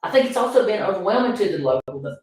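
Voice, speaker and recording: A woman's voice: mid-range voice, big pitch swings, very fast, a little mellow. A middle-aged woman from Appalachian North Carolina hosting a podcast, talking earnestly and repeating herself for emphasis. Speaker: podcast host. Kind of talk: emotional casual conversation. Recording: echoey room, far from the mic.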